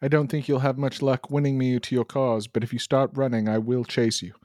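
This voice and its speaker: A man's voice: medium pitch, flat delivery, fairly quick, a little mellow, dry recording, clean studio sound, natural voice. A man voicing a cautious young man who is reluctant to join his brother's scheme, in a tabletop game. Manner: hesitant, worried, reluctant.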